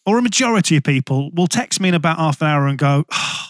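A male podcast host chats with his guest, often stumbling over his first words. His voice sits a little high for a man, and the sound is dry and close. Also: animated, fast talker, dry recording. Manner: chatty, stammering restarts, laughs easily. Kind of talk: casual podcast interview.

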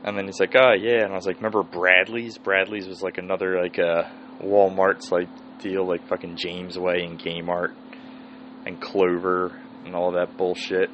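Rambling, profane low-voiced man. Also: flat delivery, normal speed, fairly bright tone, muffled recording, slight background noise. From Philadelphia area. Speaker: podcast host. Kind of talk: solo podcast monologue.

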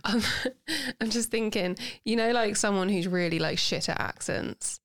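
A woman's voice: medium pitch, unhurried. A woman, co-hosting a podcast, chatty and playful, laughing often and going off on tangents. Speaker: podcast co-host. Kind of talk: casual chat.

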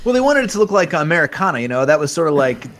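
A man co-hosting a casual podcast, joking and teasing, tossing in quick asides. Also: a little high, big pitch swings, a bit bright. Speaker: podcast co-host. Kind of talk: casual chat.

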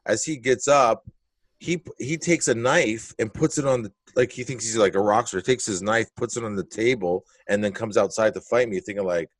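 A man's voice: fairly low pitch, normal speed, dry recording. A male comedian telling a wild story in casual, blunt talk, swearing freely and acting out the moments. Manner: animated, blunt, profane storytelling with acted-out moments. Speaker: comedian guest.

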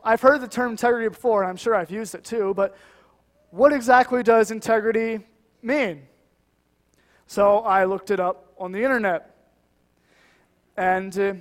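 A man's voice: high-pitched, long reverb tail. A man preaching a sermon in an earnest, conversational way, with many "you know" asides. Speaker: guest preacher.

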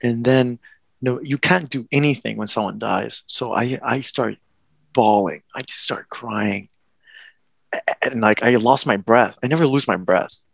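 A young man tells a personal story in a loose, rambling way, stumbling over restarts and slipping in nervous laughs. His voice has a gravelly edge to it. The sound is dry and close, with no room around it. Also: mid-range voice, unhurried, dry recording. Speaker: guest. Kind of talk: casual conversation, personal story.

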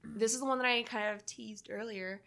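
A woman's voice: on the high side, steady tone, moderate pace, creaky, fairly bright tone. A woman co-hosting a podcast in casual chat, rambling with lots of fillers and frequent laughter. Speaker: podcast co-host.

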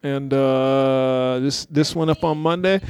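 A man's voice: mid-range voice, steady tone, darkish tone, clear, resonant tone, no echo. A man co-hosting a casual comedy podcast, joking and laughing as he talks. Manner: laughing, joking, does quick impressions. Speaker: podcast co-host.

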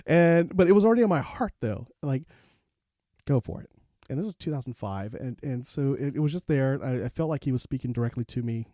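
A man's voice: mid-range voice, animated, quick pace, few pauses, dark tone, dry recording, clean studio sound. A man in his forties, a podcast guest, candidly recounting his life story with plenty of fillers and restarts. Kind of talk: personal storytelling in an interview.

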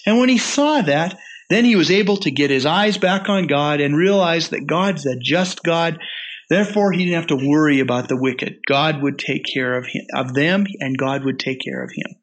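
Earnest man preaching a sermon. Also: normal speed. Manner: earnest, rises and falls in pitch with emphasis when reading scripture. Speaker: Bible teacher. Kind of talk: sermon teaching.

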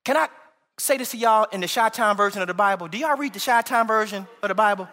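High bright-voiced preacher in a hall. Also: male voice, quick pace. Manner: animated preaching with humor and call-and-response. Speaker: associate pastor. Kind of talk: sermon.

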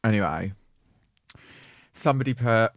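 A man hosting a casual podcast, giggly and animated, swearing freely. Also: on the low side, unhurried, noisy background. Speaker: podcast host.

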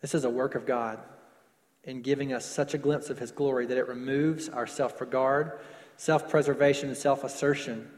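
A man preaching a sermon, stretching words for emphasis and dropping to softer closing lines. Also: medium pitch, fairly even intonation, long reverb tail. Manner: preaching with slowed emphasis and falling soft endings. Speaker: pastor.

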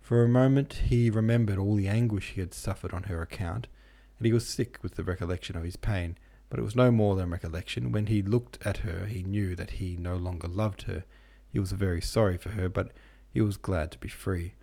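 A man with a very deep voice narrates a classic novel for an audiobook. His reading is steady and measured throughout. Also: gravelly. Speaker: audiobook narrator and podcast host.

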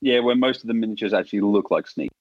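An Australian man in easygoing podcast chat with a somewhat low voice. He teases his friends and laughs often. His audio comes through dull and dry. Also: quick pace, no echo. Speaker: podcast co-host.

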